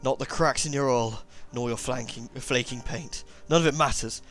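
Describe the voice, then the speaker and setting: A man's voice: medium pitch, normal speed, a bit bright, faint music behind, lightly acted. A man voicing an elderly, sentimental drunken sailor with theatrical, old-fashioned speech in a comedy accent. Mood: tender, grateful. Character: elderly male drunken sailor, sentimental about his lost ship. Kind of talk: comedy voice in a game playthrough.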